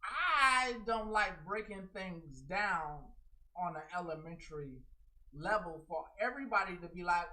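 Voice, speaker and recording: A woman hosting her own livestream, ranting bluntly and profanely, mocking people in high, loud put-on quotes. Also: animated, measured pace, rough recording. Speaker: livestream host. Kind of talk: unscripted livestream rant.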